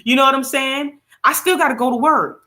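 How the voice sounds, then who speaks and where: Speaking in a high-pitched voice at a fairly quick clip, a middle-aged woman from the United States gives a blunt, venting tour of her small apartment in a casual vlog. She's animated, laughs often, and records it all on a phone camera she holds.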